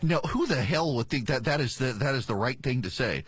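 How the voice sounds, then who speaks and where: A man's voice: mid-range voice, slightly rough, dry recording. A man hosting a podcast, giving sarcastic political commentary on news clips, laughing and mocking as he goes. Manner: sarcastic, mocking, does exaggerated impressions; animated, quick to laugh. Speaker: podcast host.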